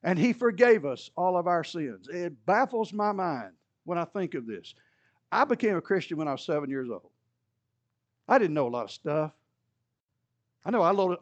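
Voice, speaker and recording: Animated male pastor preaching a sermon. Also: fairly high pitch, no room sound, muffled recording. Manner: animated preaching with humorous asides.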